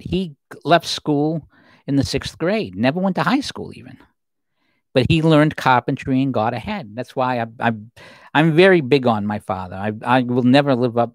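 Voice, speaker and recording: A man in his fifties hosts a plain livestream, his pitch rising and falling freely as he rambles through commentary. He circles back on himself with restarts and asides. The sound is dry and close, with no room around him. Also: no room sound, low-quality recording. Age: 50s. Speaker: livestream host. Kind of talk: solo political commentary livestream.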